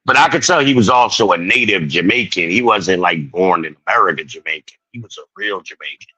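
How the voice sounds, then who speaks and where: Bright-voiced man in a casual chat. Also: sits low, animated, fairly quick, husky, no echo, rough recording. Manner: loose, profane, laughs often. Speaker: podcast host.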